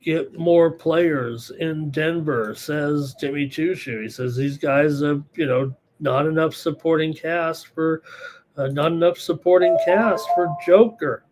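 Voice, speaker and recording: A hoarse man hosting a live sports betting show, thinking aloud through picks in a rambling, casual way. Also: fairly high pitch, measured pace, background noise. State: hoarse, losing his voice.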